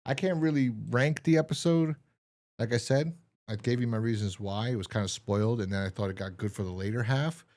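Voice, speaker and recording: A man's voice: mid-range voice, brisk. A man co-hosting a podcast, casually reviewing and recapping a story with lots of fillers. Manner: rambling, lively, many fillers. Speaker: podcast co-host.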